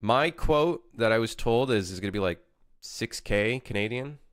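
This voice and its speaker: A man's voice: mid-range voice, lively intonation, moderate pace, clean tone, no echo, studio quality. A man streaming as a game developer, chatting casually, rambling and swearing freely. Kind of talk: casual live-stream chat.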